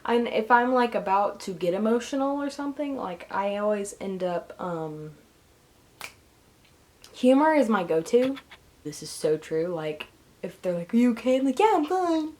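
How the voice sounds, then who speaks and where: A young woman vlogging casually, rambling and self-deprecating, often jumping into a high squeaky voice for jokes. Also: expressive, a little slow, a little mellow. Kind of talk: casual vlog monologue.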